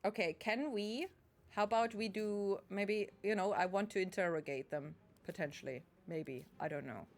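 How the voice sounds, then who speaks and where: A woman's voice: mid-range voice, normal speed, vocal fry. A woman streaming a video game, talking casually with sarcasm, swearing and frequent laughs. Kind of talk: casual gaming commentary.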